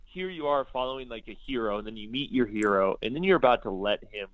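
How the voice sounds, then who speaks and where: A man's voice: mid-range voice, fast, slight background noise. A man, a podcast guest, telling a story casually and acting out the dialogue he quotes. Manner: lively, acts out quoted dialogue. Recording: dull lo-fi sound.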